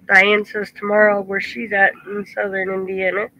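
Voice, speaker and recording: A woman's voice: medium pitch, completely flat delivery, normal speed, bright, forceful tone, slight background noise, low-quality recording. A woman co-hosting a casual travel live stream, chiming in with brief, dry remarks. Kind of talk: casual chat.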